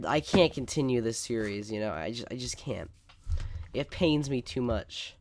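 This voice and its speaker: A man's voice: mid-range voice, expressive, moderate pace, a little hiss or hum. A man hosting casual gameplay commentary, melodramatic and overreacting, stammering, sometimes leaning away from his desk microphone. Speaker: gaming video host.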